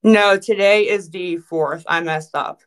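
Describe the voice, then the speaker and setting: A woman's voice: lowish voice, a little slow. A woman hosting a casual online voice chat and taking callers. She is defensive and swears heavily when angry. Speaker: stream host taking callers.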